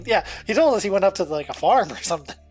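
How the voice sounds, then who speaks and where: A man's voice: high voice, animated, quick pace, a little mellow, breathy edge, soft background music. A man playing in a tabletop game, chatty and joking with the group. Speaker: player. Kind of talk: casual tabletop game chat.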